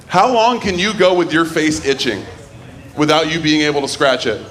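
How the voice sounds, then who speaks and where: A man's voice: a little high, normal speed, a bit bright. A man hosting a comedy open mic, telling loose, joking stand-up bits on a club stage. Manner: loose, joking, does silly voices for bits. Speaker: comedy show host.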